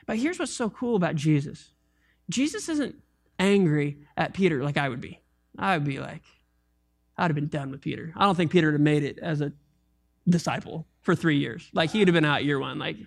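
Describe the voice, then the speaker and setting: A man preaching a sermon as pastor, animated and conversational, with jokes and asides to the congregation. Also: a little high, brisk, gravelly.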